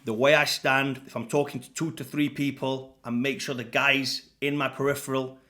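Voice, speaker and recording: Here a fitness coach from the UK, in his late thirties, addresses the camera casually. His delivery is blunt and full of swearing, with lively shifts in pitch and loudness.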